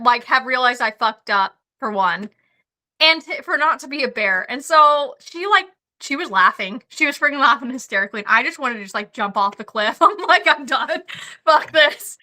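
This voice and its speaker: High, bright-voiced woman telling stories. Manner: profane, laughing anecdotes. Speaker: podcast guest. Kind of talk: casual storytelling.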